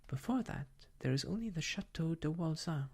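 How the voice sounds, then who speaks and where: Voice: mid-range voice, lively intonation, moderate pace, gravelly, darkish tone, breathy edge, voice pushed up. A whispering storyteller voicing a cheerful young French waitress with a put-on French accent, in a whispered role-play. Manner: sing-song, lilting.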